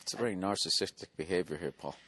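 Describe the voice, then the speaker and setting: A man's voice: low voice, quick pace, sharp tone, dry recording. A man hosting a podcast in casual chat, skeptical and teasing, and he swears freely. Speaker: podcast host.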